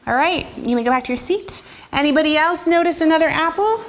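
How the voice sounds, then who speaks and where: A woman music teacher leading a first-grade class, firm and clear, sometimes breaking into a sung or high voice to show a rhythm. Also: lively intonation, fast.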